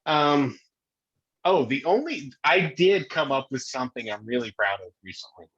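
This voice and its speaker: A man's voice: mid-range voice, expressive, moderate pace, a bit bright, breathy edge. A middle-aged man and podcast co-host telling a rambling, self-deprecating story about his son in casual chat. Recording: dull lo-fi recording.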